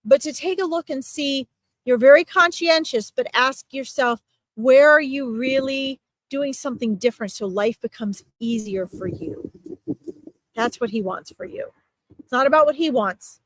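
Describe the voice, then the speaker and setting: High-pitched lady doing a psychic reading on a stream, chatty and reassuring, dry close sound. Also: moderate pace, no room sound, poor audio. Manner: reassuring, chatty, often checks in with "okay?". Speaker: psychic medium. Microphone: streaming mic.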